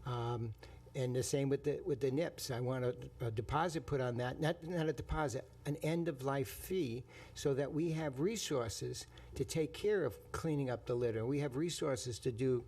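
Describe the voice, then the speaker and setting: A man's voice: mid-range voice, moderate pace, darkish tone. Rambling New councilman. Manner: rambling, anecdotal. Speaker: town councilor. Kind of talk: council meeting remarks.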